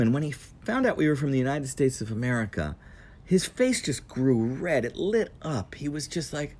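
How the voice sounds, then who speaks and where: A man's voice: medium pitch, very animated, darkish tone. A man telling a casual, meandering travel story on an outdoor patio. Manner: meandering, digressive, unhurried.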